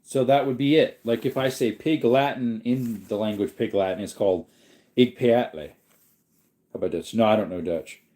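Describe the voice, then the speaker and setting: A man hosting a livestream, reading viewer comments aloud in a relaxed, rambling way while yawning. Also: lowish voice, moderate pace. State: sleepy, yawning. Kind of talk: casual chat.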